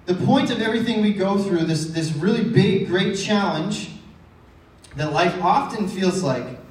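In a church sanctuary, a male pastor preaches a casual, conversational sermon, often asking the congregation rhetorical questions. His voice sits high and unhurried, heard from far off in an echoey hall.

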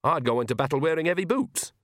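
A man's voice: a little high, animated, fast talker, fairly bright tone, no room sound, clean studio sound, voice pushed up. A man voicing a shameless, earthy old witch, blunt and bawdy with a growling edge. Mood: scheming.

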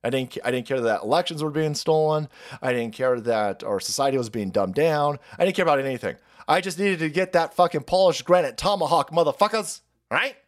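A man's voice: on the high side, brisk. A man ranting crudely on a live stream, mocking and often breaking into laughter. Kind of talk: profane ranting commentary.

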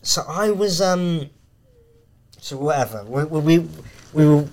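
A man's voice: fairly high pitch, measured pace. A man, a comedian guest telling stories in casual podcast chat, acting out the people he quotes. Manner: animated storytelling, acting out quoted voices.

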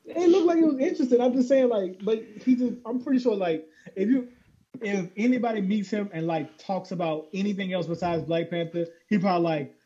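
A man's voice: sits high, a little fast, mellow, lo-fi sound. A man co-hosting a casual chat, laid-back and jokey, acting out quotes. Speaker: podcast co-host.

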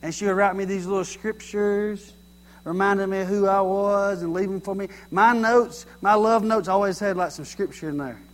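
A middle-aged man preaches with a high, lively voice. He talks in a folksy, animated way and pokes fun at common sayings. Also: normal speed. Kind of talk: sermon.

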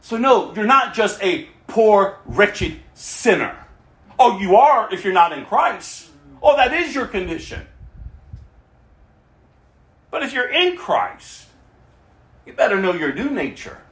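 A pastor delivers a sermon in a high, lively voice that swoops up and down, moving slowly and pausing often. He hammers home each point with rhetorical questions, shifting from loud to hushed, inside an echoey room.

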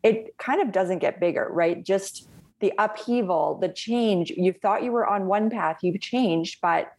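A woman's voice: mid-range voice, darkish tone. A woman hosting an interview, responding supportively and reflecting back on her guest's story. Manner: supportive, reflective, quick to react. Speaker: podcast host, co-founder. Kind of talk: interview conversation.

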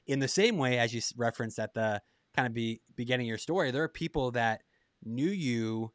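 A man's voice: medium pitch, a little fast, no room sound, clean studio sound. A man from Boston, a podcast host, reflecting casually on the guest's story and rambling a little, with self-deprecating dad jokes.

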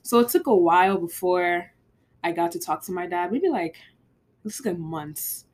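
A woman's voice: lowish voice, moderate pace. A woman co-hosting a faith podcast in casual chat, telling stories animatedly with many "like"s. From abroad, moved to the US. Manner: animated storyteller, frequent "like". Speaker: podcast co-host.

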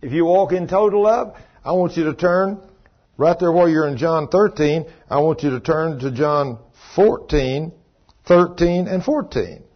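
A man preaching a sermon, telling a story in a folksy way and acting out the voices of the people in it. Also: unhurried. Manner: folksy storytelling, voices others in high falsetto. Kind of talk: sermon with acted-out dialogue. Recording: dull lo-fi sermon recording.

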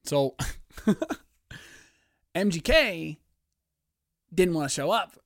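A man from Canada hosting a solo podcast, animated, profane and rambling. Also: on the high side, drawn-out words, no room sound, clean studio sound. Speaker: podcast host. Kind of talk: casual solo podcast rant.

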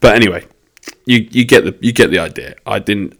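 A man's voice: lowish voice, a little fast, gravelly. A man hosting a solo podcast, rambling through casual chat with sweary, self-deprecating banter. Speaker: podcast host.

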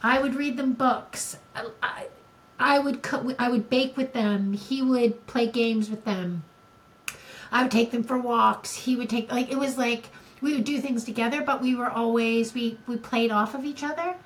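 Older woman podcast host, casual chat, a bit high-pitched, open and emotional, lots of restarts. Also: normal speed, low-quality recording. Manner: candid and emotional, with many restarts. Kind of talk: casual conversation.

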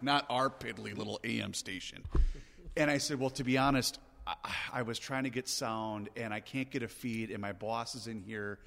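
A middle-aged man, a radio host, telling a long story in an animated, casual way and laughing often. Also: lowish voice, gravelly, in a large hall.

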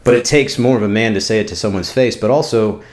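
A man co-hosting a podcast, chatting casually and swearing, with animated bursts. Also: lowish voice, fast. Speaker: podcast co-host. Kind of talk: casual chat.

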